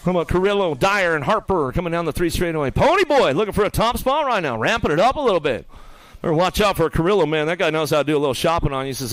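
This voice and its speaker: A man calls live BMX motos in quick bursts, running through rider names as they come down the straightaways. He teases the riders between heats in a joking, bantering way. His voice sits somewhat high for a man. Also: expressive, dry recording. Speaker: race announcer. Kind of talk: live BMX race commentary.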